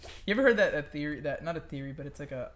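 A young man, co-hosting a podcast in casual chat and telling stories with growing excitement. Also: fairly high pitch, rapid-fire, crowd noise. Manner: excitable storyteller, gets loud and laughing when telling anecdotes. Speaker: podcast co-host.

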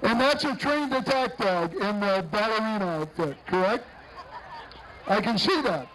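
High-voiced joking parade announcer man. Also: expressive, normal speed, a bit bright, slight background noise, poor audio. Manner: jokey, bantering with passing entrants. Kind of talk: live parade commentary. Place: outdoors at a street parade.

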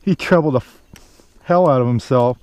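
A man filming himself bass fishing from a boat outdoors, cheering on every catch with casual commentary. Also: normal speed, clean tone, dry recording. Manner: excited, cheers on fish with stock phrases. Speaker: fishing vlogger.

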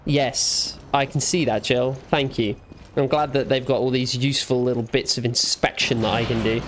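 A man's voice: medium pitch, steady tone, moderate pace, fairly bright tone, a little hiss or hum. A young man giving playful let's play commentary, teasing and talking back to the game's characters. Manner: jokey, teasing, talks back to game characters. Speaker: gamer.

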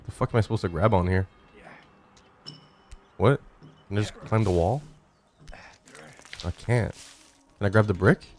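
A man's voice: on the low side, measured pace, pauses often, darkish tone. A man streaming a climbing game live, talking to chat in a frantic, swearing way and laughing at himself. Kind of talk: live gameplay commentary. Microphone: studio dynamic microphone.

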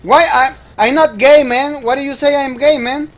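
A Mexican-accented man streaming a game, his voice pitched high and ringing bright. He talks excitably, protesting loudly and repeating lines over and over. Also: normal speed. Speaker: gaming streamer. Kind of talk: casual gameplay commentary.

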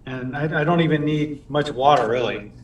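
A man's voice: a little high, normal speed. Guy chatting loose while he paints, kinda far off the mic in a roomy space. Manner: relaxed, chatty, lots of restarts. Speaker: watercolor instructor. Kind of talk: live painting demonstration with chat.

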